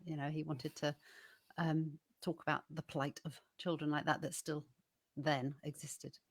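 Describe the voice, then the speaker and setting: A woman co-hosting a casual online show, chatting and laughing easily and reading a poem aloud at a steady pace. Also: low voice, a little slow, slightly rough.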